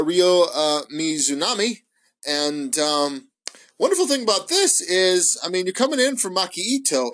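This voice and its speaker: Casual solo host, male, slightly high voice, swears a lot, rambles with many ums. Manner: profane, excitable, rambling with many fillers. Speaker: wrestling podcast host.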